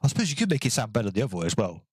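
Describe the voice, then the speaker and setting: Male gaming host, low-pitched, loose rambling comic delivery, mutters counts under breath. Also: big pitch swings, very fast, slightly rough. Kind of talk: casual gaming commentary.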